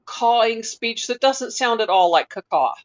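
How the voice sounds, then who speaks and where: A woman narrating as game master of a tabletop game, relaxed and patient, with casual fillers. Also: a little high, a little slow, dull audio.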